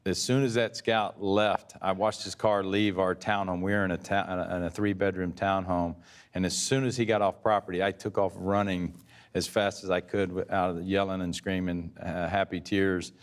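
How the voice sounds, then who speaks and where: Low-voiced man in his sixties telling stories. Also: flat delivery, normal speed. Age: 60s. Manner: rambling, self-correcting storyteller. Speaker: guest, former pitcher. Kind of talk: casual interview storytelling.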